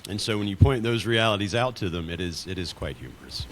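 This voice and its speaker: A man, co-hosting a casual talk and musing in a slow, drawling, laid-back way. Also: sits low, lively intonation, crowd noise. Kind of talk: casual conversation.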